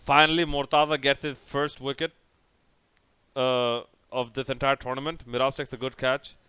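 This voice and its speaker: A man's voice: mid-range voice, little pitch movement, normal speed, pushed and bright, clean tone, no echo. A young man casually recapping a cricket match over by over, rambling and sarcastic, with many restarts. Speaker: cricket reviewer.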